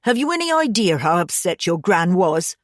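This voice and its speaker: A woman's voice: fairly low pitch, sing-song, moderate pace, no room sound. Woman reading a tense father in an audiobook, middle-aged, curt, defensive, dry close sound.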